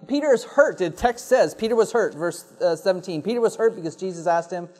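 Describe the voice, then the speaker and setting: A man's voice: sits high, lively intonation, fairly quick, a little mellow, faint music behind. A man delivering a sermon as a pastor, earnest and reflective, leaning on emphatic repetition.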